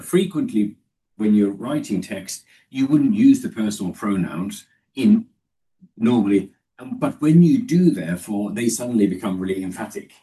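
Low mellow man teaching Scripture. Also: recorded from a distance, poor audio. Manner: discursive, explanatory. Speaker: Bible teacher. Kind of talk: Bible study lesson.

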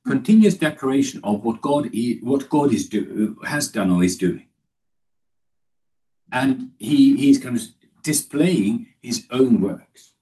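A man's voice: mid-range voice, expressive, slow, mellow. A man giving a discursive, explanatory Bible study lesson, with the voice recorded from a distance. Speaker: Bible teacher.

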